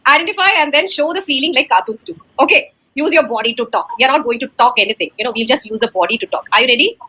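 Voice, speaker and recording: A woman teacher, leading a child through an online class. Her voice sits high and rings bright, and she keeps up a stream of encouragement broken by frequent laughter. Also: animated, racing, slightly rough. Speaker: teacher in a recorded demo class. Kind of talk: animated kids' online class.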